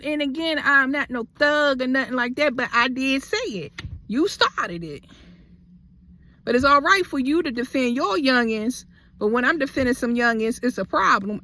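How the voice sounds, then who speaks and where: A woman's voice: high-pitched, expressive, moderate pace, sharp tone, dry recording. A young adult woman in a heated storytime vlog, talking bluntly. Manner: blunt, heavy cursing, heated. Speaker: vlogger.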